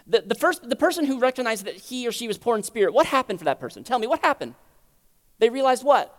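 This sermon comes from a very animated, fast-talking man whose voice echoes with long reverb through a church sanctuary. He teaches conversationally, throws out rhetorical questions, and shifts from loud, emphatic moments down to quiet lows.

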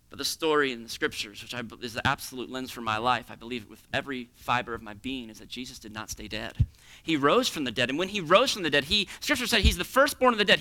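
Guy preaching hard, high bright voice, swoops way up and down. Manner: impassioned, swings between loud pleading and hushed near-whispers. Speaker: pastor. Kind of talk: sermon.

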